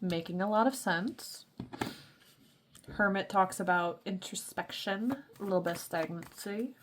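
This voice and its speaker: Woman, tarot reader, casual spiritual chat, playful, talkative, middle-pitched voice. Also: a little slow, a little hiss or hum. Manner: playful, chatty, calls listeners baby.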